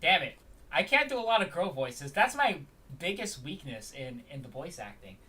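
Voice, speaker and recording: A man's voice: on the high side, very animated, normal speed, far from the mic. A man chatting casually while streaming a story game, rambling with plenty of ums and the odd curse. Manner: rambling, lots of ums and swearing. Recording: loud game music, voice off-mic.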